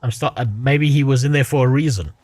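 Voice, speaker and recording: A man's voice: mid-range voice, fast talker, a little mellow. A man commentating casually on a video game, crude and joking, swearing when he fails. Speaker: streamer.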